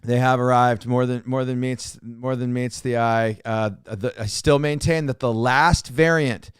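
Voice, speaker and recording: A man co-hosting a casual podcast, his speech smooth and resonant. He rambles and repeats himself, with joking, sarcastic asides, and the studio sound is close and dry. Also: mid-range voice, steady tone, measured pace, no echo. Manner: rambling, repeats words and restarts often. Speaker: podcast co-host. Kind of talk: casual chat.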